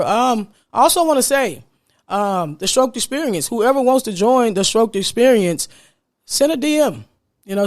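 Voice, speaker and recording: Hosting a solo podcast, a man talks in a high, somewhat mellow voice. The monologue is relaxed and sincere, cheerful with an audible smile, and he often throws in "man."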